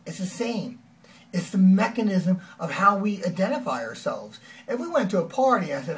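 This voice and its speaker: A man giving an energetic, conversational motivational talk as a life coach, often acting out quoted lines. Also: high voice, moderate pace, distant mic.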